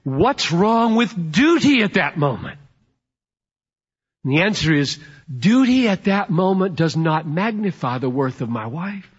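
A middle-aged man preaching a sermon in an emphatic storytelling way, swinging from loud to hushed. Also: high voice, very animated, measured pace, breathy edge. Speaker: pastor. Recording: dull lo-fi sermon recording.

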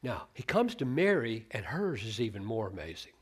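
A man's voice: on the low side, huge pitch swings, normal speed, hardly any pauses, husky. A man preaching a sermon on a Bible passage, earnest, restarting words as he thinks aloud and acting out the quoted lines.

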